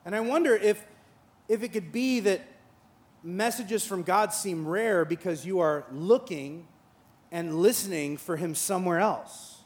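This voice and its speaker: A man with a notably high voice delivers a sermon as a pastor. He moves between humorous asides, where he acts out imagined conversations, and sincere, thoughtful teaching. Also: unhurried. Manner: humorous storytelling with acted-out dialogue; earnest and reflective in teaching parts.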